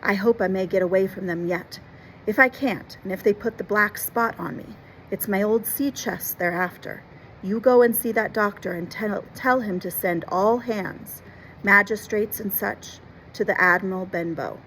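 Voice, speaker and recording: A woman's voice: mid-range voice, moderate pace, fairly bright tone, slight background noise, close to an everyday voice, poor audio. A woman reading aloud, voicing an ailing old male sea captain who growls and presses urgent warnings. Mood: gruff urgent.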